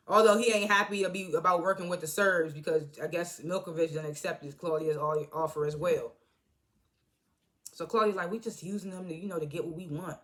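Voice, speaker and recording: Reviewer, bright tense tone, slangy retelling, acts out each character's line, laughs a lot. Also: mid-range voice, fairly even intonation, moderate pace. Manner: loose slangy retelling, acting out the characters' lines; laughs often. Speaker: TV episode reviewer. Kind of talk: casual episode recap.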